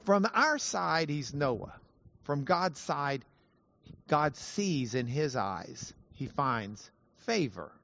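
A man teaching a Bible lesson to an audience, animated and playful, spelling out Hebrew words slowly. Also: on the high side, no room sound, muffled recording. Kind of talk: lively teaching talk to an audience.

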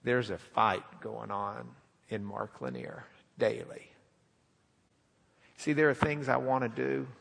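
A man preaching a sermon in a folksy, animated, joking way in a church sanctuary. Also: mid-range voice, slow pace, creaky, pauses often, big-room sound.

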